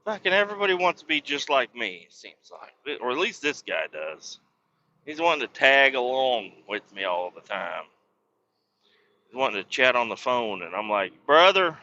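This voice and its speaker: A man's voice: mid-range voice, expressive, moderate pace, sharp tone, highs cut off, slight background noise. A man, a truck driver, hosting a podcast and telling a rambling story in casual, profane talk, raising his voice when he quotes people.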